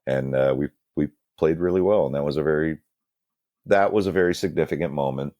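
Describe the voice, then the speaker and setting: This man speaks in a very deep, warm voice at a brisk pace, captured on a dry, lo-fi recording. He's a guest musician and band singer in a relaxed interview, spinning self-deprecating, meandering anecdotes with plenty of fillers and false starts.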